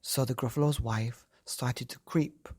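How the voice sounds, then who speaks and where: A man's voice: mid-range voice, steady tone, measured pace, darkish tone, slightly rough, no room sound, studio quality. A man improvising a rhyming bedtime story in a sing-song manner.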